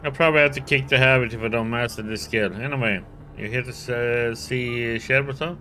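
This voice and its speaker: A man's voice: medium pitch, steady tone, a little fast, pushed and bright, natural voice. A man voicing a weary, blunt male worker in a video game, talking in an offhand way.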